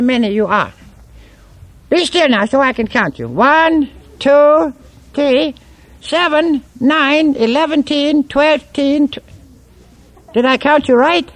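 A man's voice: very high voice, a bit bright, no echo, pitched above the performer's own voice, heavily acted. A man voicing Mister Punch, a cocky, sassy male puppet who teases the audience in a live puppet show. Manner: boastful, teasing, playful drawl.

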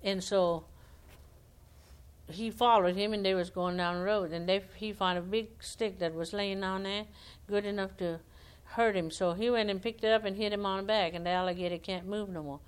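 A woman's voice: medium pitch, steady tone, moderate pace, clear, resonant tone. A woman telling animal folktales aloud in a homespun, conversational way, acting out the characters' lines. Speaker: storyteller.

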